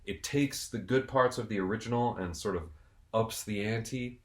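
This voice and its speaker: A man's voice: lowish voice, normal speed. Guy rambling through a jokey movie review, casual and goofy, lots of restarts. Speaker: video host and film reviewer.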